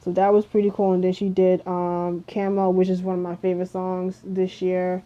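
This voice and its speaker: A woman's voice: on the low side, monotone, moderate pace. A young woman vlogging a casual music review, chatty and rambling with lots of fillers, sleepy and yawning. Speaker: K-pop vlogger. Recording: dull lo-fi home recording.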